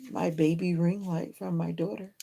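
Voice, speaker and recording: A woman's voice: lowish voice, fairly even intonation, normal speed, gravelly, warm tone. A woman hosting a late-night livestream from home, praying and then chatting directly with her viewers, often repeating her questions to them. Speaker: livestream host. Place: home, lit by a ring light.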